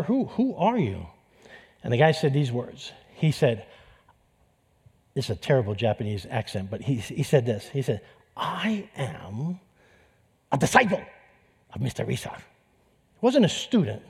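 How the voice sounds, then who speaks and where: A man's voice: mid-range voice, darkish tone, slightly rough. A man preaching a sermon, telling personal stories in a conversational way. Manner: conversational, storytelling with restarts. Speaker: pastor.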